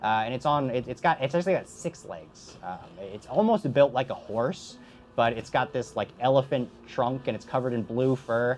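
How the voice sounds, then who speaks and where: A man narrating a tabletop game as game master, animated and halting, with frequent restarts. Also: mid-range voice, soft background music.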